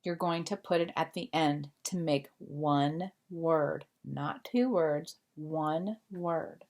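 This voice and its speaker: A woman's voice: deep voice, slow pace, a little mellow. A woman teacher explaining a grammar lesson to her students, patient and full of fillers. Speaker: Spanish teacher. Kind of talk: recorded remote class lesson.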